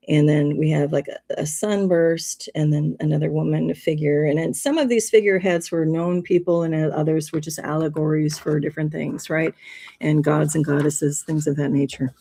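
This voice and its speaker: A woman's voice: low-pitched, steady tone, normal speed, dark tone. A woman hosting a livestream, talking casually and rambling a bit, with frequent laughs. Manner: rambling, chatty, laughs often. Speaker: livestream host. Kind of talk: casual presentation.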